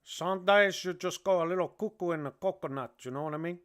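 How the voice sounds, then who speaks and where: A man's voice: high voice, brisk, fairly bright tone. A man putting on a brash Cuban gangster with a Cuban Spanish accent, rambling and boastful with constant "man"s. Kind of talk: comedic impression on a livestream.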